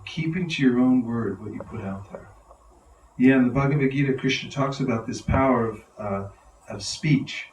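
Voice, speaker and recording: A man's voice: mid-range voice, normal speed, a little hiss or hum. A man giving an enthusiastic devotional talk to a live audience, often laughing as he tells stories. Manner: enthusiastic, laughing, animated storyteller. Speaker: spiritual teacher. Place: large room with a live audience. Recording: roomy hall, mic far off.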